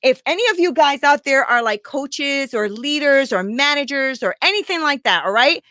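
A woman's voice: sits high, lively intonation, normal speed, pushed and bright, dry recording. A woman life coach talking openly and emotionally to her viewers, close to tears, often asking "right?". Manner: raw, confessional, keeps asking "right?". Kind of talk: emotional live talk to viewers.

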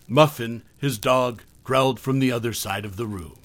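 A man tells a first-person horror story in a calm, even way, his voice at a middling pitch. The sound is close and dry, with no room around it. It has the steady pace of a podcast narration. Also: normal speed, no echo.

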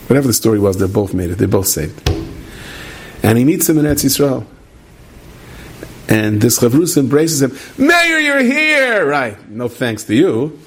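A man telling a story in an animated way, repeating phrases for effect. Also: lowish voice, a little hiss or hum. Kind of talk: spoken storytelling.

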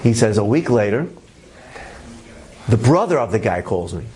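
A man's voice: fairly low pitch, very animated, normal speed, a little mellow. A man, a rabbi, telling a story to a class in a conversational way and acting out the voices of the people in it. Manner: conversational, informal phrasing.

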